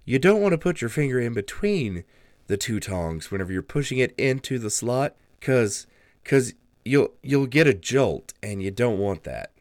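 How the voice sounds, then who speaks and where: A man's voice: medium pitch, sing-song, normal speed, dry recording, studio quality. A man playing a tabletop game, speaking in a friendly, rambling and hesitant way. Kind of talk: in-character tabletop chat.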